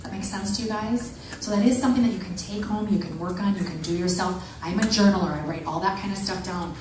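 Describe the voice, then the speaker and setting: A woman giving an animated motivational talk to a women's group, acting out the people she quotes. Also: mid-range voice, quick pace. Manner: animated, acts out quoted voices. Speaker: motivational speaker. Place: meeting room with an audience. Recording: echoey room from far off, faint noise.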